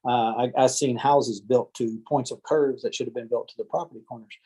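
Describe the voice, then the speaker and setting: The surveyor talks briskly, his medium-pitched voice warm, slightly rough, and fairly even in intonation. Addressing a real estate team in a casual video-call session from home or an office, he chats in a homespun way and mimics furious homeowners. His computer or headset mic makes for a rough recording.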